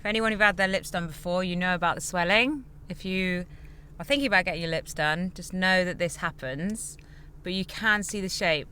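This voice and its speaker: A woman's voice: on the low side, brisk, sharp tone, slight background noise. Chatty young woman vlogging. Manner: chatty, upbeat, confiding asides to viewers. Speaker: beauty vlogger. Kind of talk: casual vlog talk to camera. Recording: faint background music.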